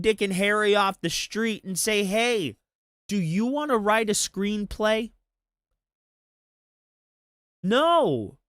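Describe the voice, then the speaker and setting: A man's voice: sits high, fairly bright tone, clear, resonant tone, no echo, clean studio sound. A man ranting about movies on a casual commentary stream, swearing freely. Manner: profane, ranting.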